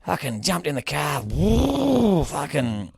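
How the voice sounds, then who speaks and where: Australian male co-host, mid pitch, lively, sweary, loose and rambling. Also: fairly quick, no echo, studio quality. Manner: rambling storyteller, swears freely, acts out others in quotes. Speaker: podcast co-host. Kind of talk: casual banter.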